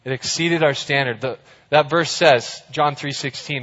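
A man preaching a sermon, emphatic, slowing down for scripture and turning loud and playful with his audience. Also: a little high. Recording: echoey hall, dull sound.

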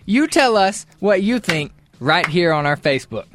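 A woman co-hosting a morning radio show, teasing her partner in quick banter. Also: lowish voice, very animated. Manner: teasing, sassy, talks over her partner.

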